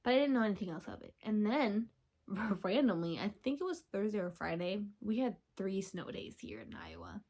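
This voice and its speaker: A woman's voice: medium pitch, moderate pace, slightly rough. Gushing young woman chatting from home. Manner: gushing, chatty, with sudden whispers and excited squeals. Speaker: podcast host. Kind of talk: casual chat.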